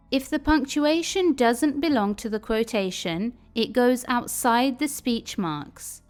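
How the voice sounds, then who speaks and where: A woman giving a scripted English lesson, explaining each point clearly and carefully. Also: a little high. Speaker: English teacher.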